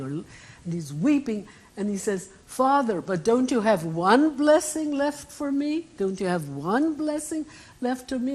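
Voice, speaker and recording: A woman giving a keynote talk, retelling an old story with vivid, expressive asides. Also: mid-range voice, husky, low-quality recording. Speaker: keynote speaker. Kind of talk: dramatic storytelling lecture.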